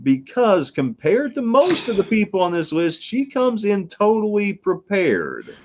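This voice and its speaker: A man guest on a live horror chat, making measured arguments with hesitant restarts. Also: high-pitched, huge pitch swings, a little mellow, slight background noise.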